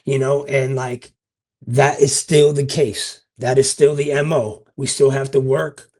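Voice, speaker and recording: Gravelly middle-aged man, rambling talk. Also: mid-range voice, level tone, unhurried, a little mellow. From New York. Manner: loose, rambling, filler-heavy. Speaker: frontman of a hardcore band, guest. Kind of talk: casual interview chat.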